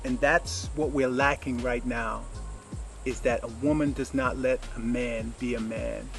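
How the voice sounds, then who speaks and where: A man's voice: mid-range voice, fairly even intonation, a little slow, soft background music, poor audio. A man giving casual life advice in a rambling, reflective monologue with lots of fillers.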